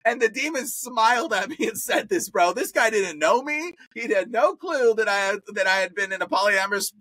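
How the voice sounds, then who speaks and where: A man, an exorcist, telling an excited story as a podcast guest, slangy and full of fillers. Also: high voice, brisk, no echo.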